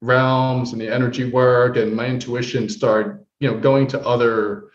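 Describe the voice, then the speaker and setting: A male guest tells his story in an animated way, switching into the voices of the people he quotes. The room rings around him. The sound is dull and lo-fi. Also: medium pitch, moderate pace, reverberant. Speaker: guest, holistic practitioner. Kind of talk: casual storytelling.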